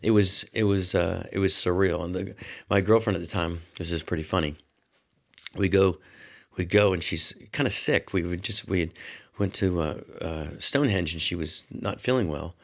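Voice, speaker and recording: Man, lower voice, talk show guest, rambling anecdote, animated, quotes dialogue. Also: normal speed. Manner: animated storyteller. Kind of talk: casual anecdote.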